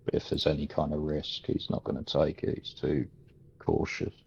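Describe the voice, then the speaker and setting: Super deep gravelly guy, flat monotone, husky, dull lo-fi mic, planning his moves. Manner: deliberate, planning aloud. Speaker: player. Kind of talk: tabletop game play.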